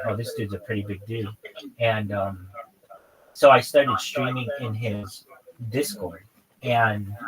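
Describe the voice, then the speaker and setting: A man streaming live, talking in a loose, rambling way with plenty of swearing and exasperation. His pitch sits in an ordinary middle register, and clear crowd chatter runs behind him. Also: rough recording. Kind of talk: casual livestream rant.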